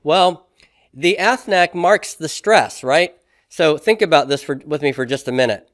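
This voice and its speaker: A man's voice: on the high side, a little slow, a bit bright, no echo, studio quality. A man teaching a classroom lesson on grammar, explaining step by step and often checking in with "okay?" and "right?". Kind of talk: classroom lecture.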